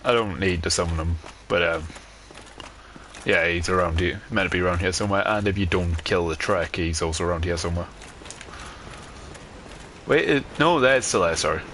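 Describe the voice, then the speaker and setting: A man talks his way through a video game in casual, rambling commentary, dropping ums and mild swearing as he goes. His voice sits fairly low. A steady noise runs under the recording. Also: brisk. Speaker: gamer.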